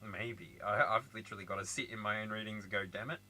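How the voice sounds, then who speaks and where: An Australian man giving a casual tarot reading, chatty and animated, with frequent laughter and asides. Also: on the low side, fast talker, slight background noise, rough recording. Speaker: tarot reader.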